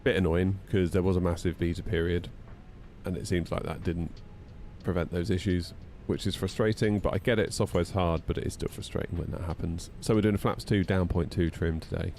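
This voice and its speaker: A man chatting casually while streaming a flight sim at home, voice jumping high when he gets indignant. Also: fairly even intonation, a little fast, a little mellow, slight background noise. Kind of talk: casual live-stream chat.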